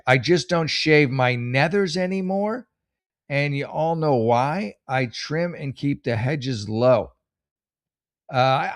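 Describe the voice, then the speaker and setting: Speaking at a medium pitch, a forties-aged comedy advice host reads posts out loud. His reactions are sarcastic, meandering, and openly exasperated.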